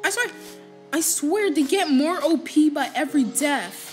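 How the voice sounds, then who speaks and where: Woman gamer, fairly high voice, excitable, rambling, trash-talking, music playing underneath. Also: measured pace. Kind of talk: let's-play commentary.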